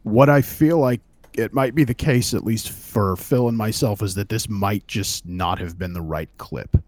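A man co-hosting a casual music review chat, opinionated and animated. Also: fairly low pitch, moderate pace, no room sound.

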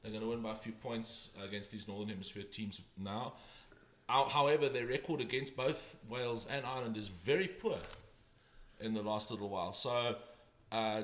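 A man's voice: lowish voice, fairly bright tone. A man giving rugby predictions in a casual panel chat, rambling and emphatic, often stopping and restarting. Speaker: rugby pundit. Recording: roomy echo.

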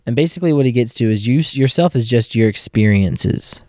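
A man's voice: medium pitch, expressive, a little fast, a little mellow, no room sound, clean studio sound. A young man hosting a podcast, easygoing and laughing along, who explains ideas carefully. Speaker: podcast host, former high school teacher. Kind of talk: casual podcast conversation.

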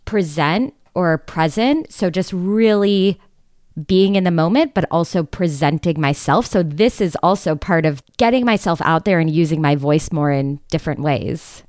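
A woman's voice: on the low side, normal speed, darkish tone, no echo, clean studio sound. A woman co-hosting a podcast, chatting in an easygoing way and laughing often. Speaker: podcast co-host. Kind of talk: casual podcast chat.

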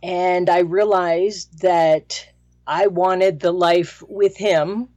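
A woman working as a hypnotist, answering interview questions in a thoughtful way with some pauses. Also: fairly low pitch, fairly even intonation, a little mellow, no echo, lo-fi sound. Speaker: hypnotist guest.

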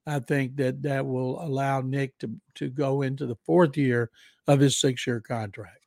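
A man's voice: mid-range voice, little pitch movement, measured pace, darkish tone, no room sound, clean studio sound. Matter-of-fact man talking football. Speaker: football writer and co-host. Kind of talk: casual sports podcast chat.

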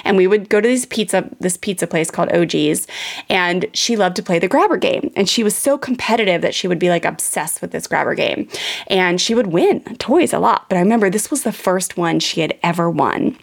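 A woman's voice: lowish voice, expressive, a little fast, gravelly. A woman in her thirties, a parenting podcast host, candidly telling a personal story to her listeners, full of casual fillers. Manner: candid, confessional, frequent "like" fillers.

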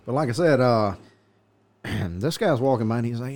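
A man's voice: mid-range voice, expressive, moderate pace, a little mellow. A police officer telling a meandering anecdote in casual chat, often chuckling as he goes.

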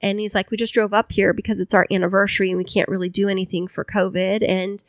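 Woman podcast co-host, chatty storyteller, mid-pitched, dry close sound. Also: fast talker, dry recording. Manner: chatty, animated storyteller who acts out voices. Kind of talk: casual chat, storytelling.

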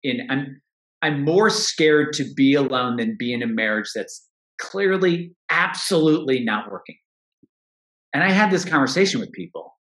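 A man's voice: mid-range voice, animated, moderate pace, a bit bright. A middle-aged man, a coach, talking earnestly and reflectively in an interview, often restarting his sentences. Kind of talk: interview conversation. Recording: roomy echo.

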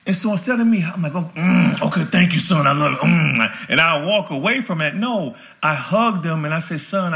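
A man's voice: on the high side, fairly bright tone. Earnest man talking with fervor. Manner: earnest, fervent, heartfelt. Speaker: guest. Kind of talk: podcast interview conversation.

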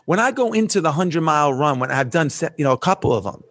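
Animated male podcast storyteller, dry close mic. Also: a little high, fast, no echo. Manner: animated storyteller who acts out quoted dialogue. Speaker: podcast guest.

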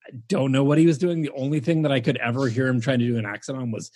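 A man's voice: medium pitch, fairly even intonation, racing, a little mellow, no room sound, studio quality. A man co-hosting a film review podcast, chatting casually and laughing easily. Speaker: podcast co-host.

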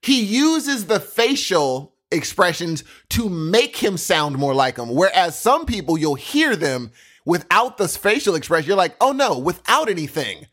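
A male podcast co-host chatting casually, rambling from thought to thought and slipping into quoted voices. His voice sits a touch high and his pitch moves in lively swings. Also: a little slow. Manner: animated, rambling, acts out quotes. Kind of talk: casual chat.

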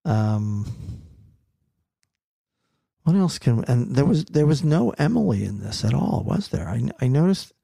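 A man talking in a lively, swooping voice with a gravelly rasp, chatting casually as a podcast co-host. He trips over restarts and leans on sports slang, all in a dry, close-sounding room. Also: medium pitch, unhurried, pauses often, no room sound. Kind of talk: casual chat.

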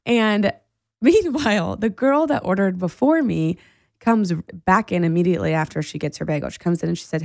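A woman co-hosting a podcast, telling a story in casual chat, animated and laughing often. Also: on the low side, normal speed, creaky, dry recording, clean studio sound. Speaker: podcast co-host.

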